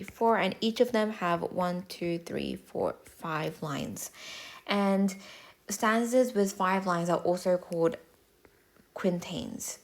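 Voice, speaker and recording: A woman tutor giving a measured, clear, step-by-step explanatory voice-over lesson. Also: on the low side.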